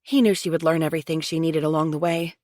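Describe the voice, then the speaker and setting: A woman's voice: deep voice, fairly even intonation, fast, a little mellow, no room sound, studio quality, close to an everyday voice. Woman voicing a firm, determined widow. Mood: explaining. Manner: firm, reassuring. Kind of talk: audiobook character voice.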